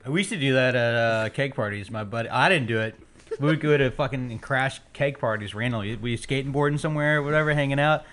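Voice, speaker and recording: A man's voice: mid-range voice, quick pace. A man co-hosting a casual chat, joking and swearing as he tells a story. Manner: jokey, swears, lively.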